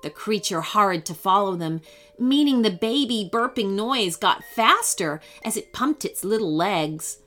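A woman narrating a children's storybook in an expressive, animated way. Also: mid-range voice, unhurried, faint music behind.

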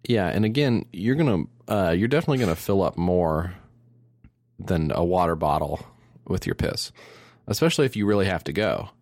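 Man, very low voice, dry close mic, rambling crude comedy podcast host. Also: lively intonation, a little fast, darkish tone, no room sound. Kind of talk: casual comedy chat.

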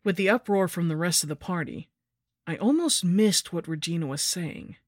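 A woman's voice: lowish voice, normal speed, dry recording, clean studio sound. A woman narrating a scripted horror story in a wry, sardonic first-person voice.

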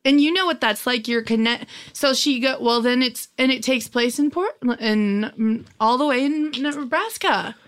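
Deadpan, flustered young woman comedian. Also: high voice, moderate pace, few pauses. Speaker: guest comedian. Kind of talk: improvised comedy chat.

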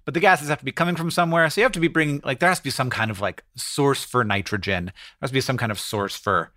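A man co-hosting a podcast in casual chat, explaining ideas in a rambling, excitable way full of fillers. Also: mid-range voice, fast, no echo, studio quality. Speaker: podcast co-host.

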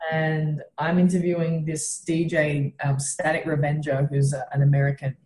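Aussie woman comedian, lowish voice, telling a crazy story w/ lots of swearing, echoey room. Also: moderate pace. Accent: Australian. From Western Australia. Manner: animated, swears freely, acts out quotes. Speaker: comedian guest. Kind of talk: casual storytelling. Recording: roomy echo.

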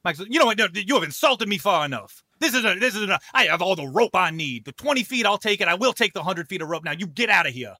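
A man puts on a high, lively voice for a smooth-talking con man preacher in a tabletop game. He is theatrical and grandiose, swinging into sing-song flourishes, with a bright edge. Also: fast talker, hardly any pauses, dry recording, studio quality, heavily acted. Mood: preachy.

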